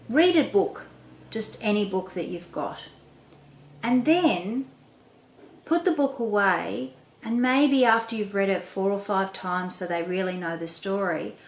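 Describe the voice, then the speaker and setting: Expressive woman coaching parents, echoey room. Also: medium pitch. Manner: expressive, demonstrative, varies her voice often. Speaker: host, reading coach for parents. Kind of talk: instructional talk to parents. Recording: echoey room with faint noise.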